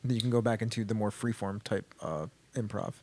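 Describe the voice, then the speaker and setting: A man's voice: on the low side, fairly quick, a little mellow, a little hiss or hum. A man hosting a casual podcast chat, steering the talk from one topic to the next. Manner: guides the talk through a list of topics. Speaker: podcast host.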